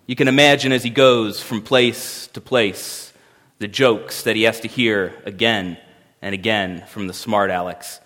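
A man's voice: lowish voice, fairly even intonation, measured pace, a bit bright. A man preaching a sermon as pastor, talking in a conversational and emphatic way with wry humor. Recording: long hall reverb.

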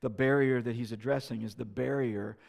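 A pastor preaches a sermon in an earnest storytelling way, his voice gravelly and mid-pitched. He swings between louder, brighter passages and quieter, dropped phrases. The sound carries the long reverb of a large hall. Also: fairly even intonation, brisk. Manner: storytelling, earnest, varies loud and soft. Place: church sanctuary.

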